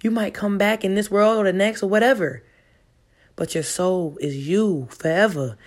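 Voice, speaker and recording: A woman speaking delivers a casual motivational monologue. She is emphatic and profane, circling back to the same phrases again and again to press them home. Her voice sits at an ordinary middle pitch. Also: moderate pace. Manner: profane, emphatic and preachy, with much repetition. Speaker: vlogger.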